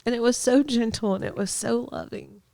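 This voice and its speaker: A young adult woman sharing a heartfelt faith testimony as a guest in a conversation, earnest, with soft laughs and restarts. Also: fairly high pitch, a little fast, gravelly, dry recording. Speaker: podcast guest, ministry director.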